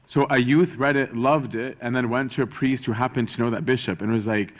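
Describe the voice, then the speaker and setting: A male priest teaches church servants in a relaxed, conversational way, his voice sitting at an ordinary middle pitch. He keeps checking in with his listeners and slips into playful voices when he mimics gossip. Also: fairly quick, few pauses. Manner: casual, keeps asking "right?" and acts out gossip in quoted voices.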